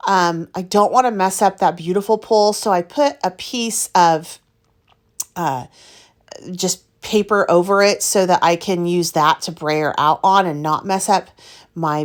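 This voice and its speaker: Chatty, candidly frustrated craft host woman. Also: lowish voice. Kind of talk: casual chat narrating her art process.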